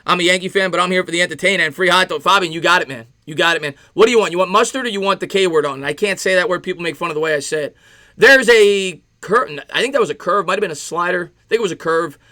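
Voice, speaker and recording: A man doing casual play-by-play on a live stream, chatting with viewers between pitches. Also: fast, sharp tone. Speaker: live-stream sports host.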